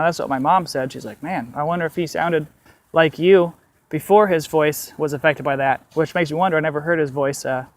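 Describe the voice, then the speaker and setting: A young adult man casually telling a personal story on a walk-and-talk vlog, candid and animated, swearing now and then. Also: on the high side. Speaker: vlogger.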